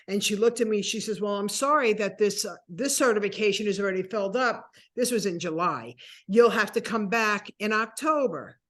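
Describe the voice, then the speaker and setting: Animated woman in her sixties telling a story. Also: medium pitch. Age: 60s. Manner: animated storyteller acting out dialogue. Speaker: interview guest. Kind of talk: personal storytelling.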